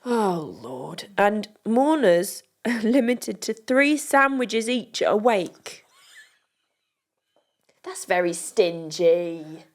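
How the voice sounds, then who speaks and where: A woman's voice: on the high side, lively intonation, takes it slowly, few pauses. British woman, podcast co-host, casual delivery, laid-back banter. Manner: chatty, reads out items and jokes along.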